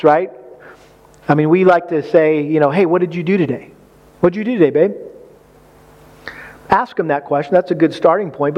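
Male preacher, high voice, chatty and humorous, slightly muffled sound. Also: darkish tone. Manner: conversational, folksy, with acted-out quotes and humor. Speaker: preacher speaking on marriage. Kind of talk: sermon.

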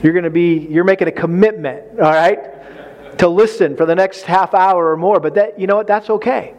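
Folksy high-voiced preacher man. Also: moderate pace, darkish tone. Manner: conversational, folksy, with acted-out quotes and humor. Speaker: preacher speaking on marriage. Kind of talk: sermon.

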